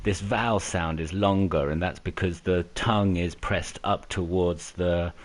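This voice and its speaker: A man's voice: low-pitched, fairly even intonation, measured pace, rough recording. A man in casual chat while gaming, rambling with enthusiasm about accents over a headset mic. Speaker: racing game player.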